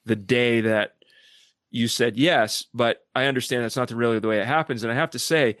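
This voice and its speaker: A man who is a podcast guest, telling stories animatedly and acting out quoted people in lively voices. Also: medium pitch, a little fast, no room sound, studio quality. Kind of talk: casual discussion.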